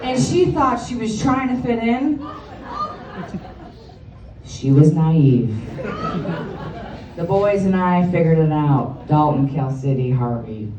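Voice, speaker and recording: A woman's voice: sits low, lively intonation, takes it slowly, long pauses. A woman, giving a profane, funny eulogy for her best friend. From Chicago area. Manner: blunt, profane, joking. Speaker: eulogy speaker. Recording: roomy hall, distant mic, crowd.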